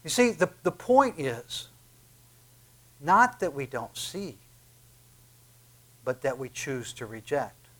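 A male pastor preaching a sermon, swinging from loud emphatic peaks to hushed, quiet asides. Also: fairly high pitch, big pitch swings, slow pace, long pauses.

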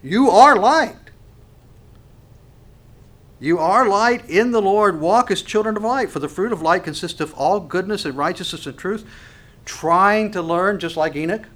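Guy preaching a sermon, kinda high voice, quizzes the crowd, acts out little voices. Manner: dynamic preaching, swings from hushed to loud; asks the congregation rhetorical questions. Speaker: pastor.

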